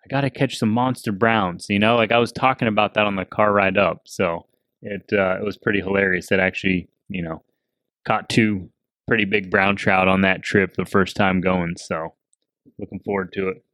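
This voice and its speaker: A man's voice: deep voice, moderate pace, no room sound, studio quality. A man hosting a casual podcast, telling a fishing story with lots of laughs. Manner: laughing storyteller, animated retelling. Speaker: podcast host. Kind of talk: casual chat.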